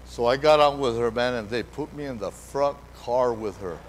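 Animated preaching pastor, man. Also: medium pitch, normal speed, slight background noise, poor audio. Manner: animated preaching, calls to the congregation, repeats words. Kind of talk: sermon. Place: church hall during a live service.

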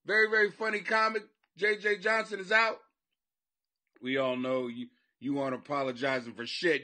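Speaking at normal speed in a sharp, slightly high voice, a comic hosts his podcast from a home basement. He rambles through a loose, profane monologue, swearing and laughing at his own jokes.

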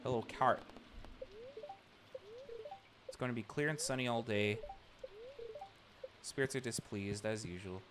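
A male streamer chatting casually with his viewers while playing, excitable and swearing freely as he reacts to the game. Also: on the low side, a little slow, long pauses, background noise. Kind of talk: casual live gameplay chat.

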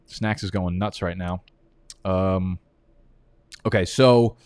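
A man's voice: low-pitched, steady tone, extremely slow, pauses often, a little mellow, clean tone, dry recording. A man hosting a live fantasy football draft, talking in a casual, rambling way and swearing freely. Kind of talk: live-streamed draft commentary.

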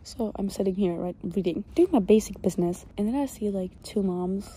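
A woman's voice: mid-range voice, a little fast, warm tone, a little hiss or hum. A young woman casually vlogging about a book she's reading, chatty and swearing now and then, filmed on a phone. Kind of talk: casual vlog chat. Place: outdoors in a park, then at home.

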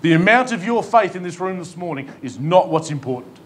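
Preaching in a church hall, an Australian pastor speaks with a high, animated voice that runs a little fast and has a fairly bright tone. A little hiss or hum is audible as he pleads emphatically, using rhetorical questions and humor.

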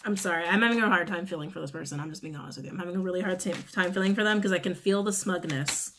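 A woman giving a casual tarot reading, blunt and frank, who curses freely, repeats key phrases and often clears her throat. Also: on the low side, very fast, a bit bright, a little hiss or hum. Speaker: tarot reader.

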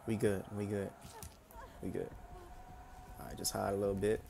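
A man talks through his gameplay in a low, gravelly voice, repeating short phrases to himself. Clear background noise sits under his voice. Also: level tone, normal speed. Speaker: streamer. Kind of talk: casual gameplay commentary.

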